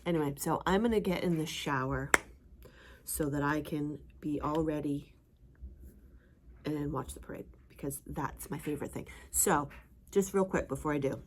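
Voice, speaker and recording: Talking at a moderate pace over slight background noise, a woman rambles through her home vlog with plenty of fillers. When she addresses her dog, she coos at it in a high, sing-song voice.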